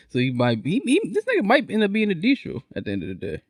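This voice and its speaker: Guy on a podcast tossing in jokes, kinda high voice that jumps all over. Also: wildly swooping pitch, fast talker, dry recording, studio quality. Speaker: podcast co-host. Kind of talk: casual chat.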